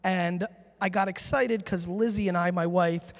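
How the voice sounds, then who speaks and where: A man's voice: high voice, steady tone, unhurried. A man giving a live conference talk and answering audience questions, brash, emphatic and full of profanity. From United States. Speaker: conference speaker. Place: large conference hall. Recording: long reverb from a conference hall.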